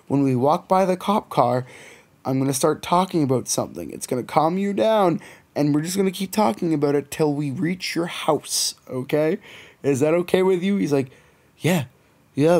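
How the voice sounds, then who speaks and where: A young man with a Canadian accent, a podcast co-host telling a profane, animated story in casual chat. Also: a little high.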